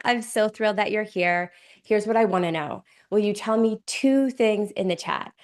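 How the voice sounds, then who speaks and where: A middle-aged woman business coach from Canada, hoarse from a cold, hosting a webinar panel with effusive enthusiasm and talking to her audience in the chat. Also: medium pitch, normal speed. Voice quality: raspy.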